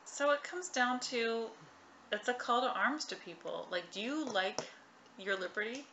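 A woman co-hosting a casual talk show, emphatic and quick to chime in with agreement. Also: on the high side, bright, forceful tone. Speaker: co-host. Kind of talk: casual conversational chat. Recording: lo-fi recording with faint noise.

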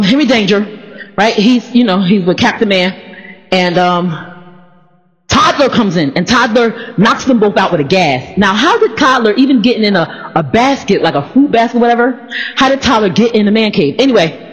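High, lively man speaking in an echoey hall. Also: brisk. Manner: lively, laughing, rambling storyteller. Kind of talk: informal church talk.

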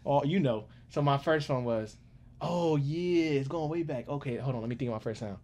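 A man in his thirties hosting a reaction channel, chatting casually in an excitable, rambling way. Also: medium pitch, normal speed. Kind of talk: casual chat.

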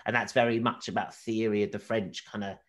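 Animated male film critic, full of restarts. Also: fairly low pitch, noisy background. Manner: animated, halting with many restarts. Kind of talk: casual talk.

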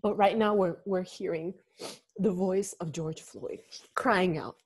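A woman pastor leading a lament, speaking slowly, deliberately and gravely. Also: fairly low pitch, fairly even intonation. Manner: slow, deliberate, grave and earnest. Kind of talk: slow reflective spoken sermon and prayer.

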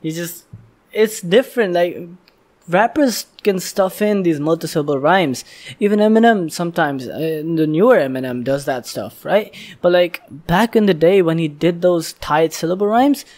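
A man's voice: high voice, lively intonation, normal speed, a little mellow. A man hosting a music reaction video, casually and eagerly explaining rhyme schemes and often exclaiming in admiration. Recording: faint music playing behind.

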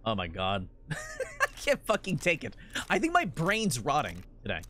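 Giggly high-voiced young man streaming. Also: wildly swooping pitch, unhurried, pushed and bright. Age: 20s. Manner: giggly, rambling, laughs constantly. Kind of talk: casual gameplay commentary.

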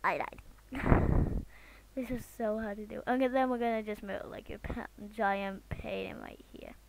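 A woman from Britain chatting goofily while she draws, swinging between loud outbursts and near-whispers. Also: a little high, steady tone, measured pace, vocal fry, slight background noise. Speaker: drawing vlogger. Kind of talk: casual commentary while drawing.

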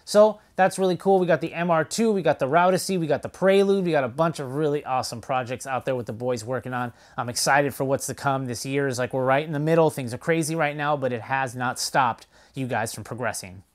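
A man's voice: mid-range voice, fairly quick, hardly any pauses. A man hosting a casual weekly car-scene recap, enthusiastic and rambling, with lots of fillers. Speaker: car channel host.

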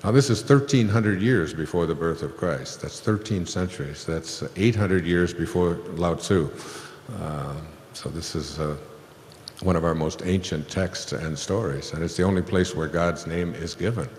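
A man giving a reflective spiritual talk to a live audience, unhurried, with many fillers and restarts as he retells old scripture conversationally. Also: low-pitched, a little mellow, slight background noise. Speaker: spiritual speaker addressing an audience. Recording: echoey hall with long reverb.

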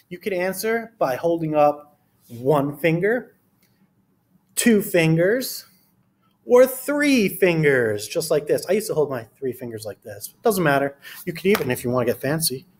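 A man's voice: fairly high pitch, slightly rough. A man reading a picture book aloud to children, then leading a friendly art lesson with playful quiz questions. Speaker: art teacher.

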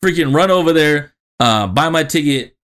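A man co-hosting a podcast in crude, casual chat, excitable and swearing, laughing often. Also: fairly high pitch, moderate pace, clear, resonant tone. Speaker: podcast co-host.

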